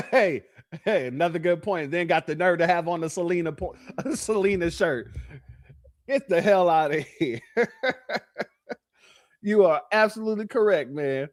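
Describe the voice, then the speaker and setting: A man hosting a commentary show, reacting to played clips in an animated, preachy and mocking way. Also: a little high, moderate pace.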